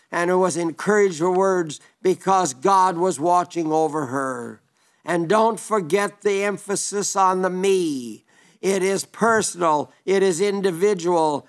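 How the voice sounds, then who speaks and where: A man's voice: high-pitched, a bit bright. A man preaching a sermon in an earnest, emphatic way, quoting old-fashioned scripture.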